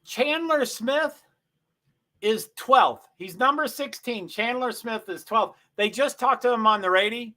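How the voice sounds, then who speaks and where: A man's voice: extremely high pitch, unhurried, sharp tone. A man hosting a casual livestream, chatting with viewers, thinking aloud and reading race stats off the screen. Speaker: livestream host.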